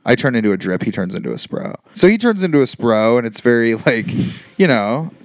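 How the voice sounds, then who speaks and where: A man's voice: mid-range voice, sing-song, brisk, no echo. A young man in casual chat, rambling and laughing as he talks, often trailing off.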